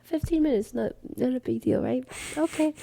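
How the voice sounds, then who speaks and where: Brief: fairly high-pitched woman, podcast co-host, swears freely while telling stories, dry close sound. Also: normal speed, gravelly, dry recording. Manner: profane, animated storytelling. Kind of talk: casual chat.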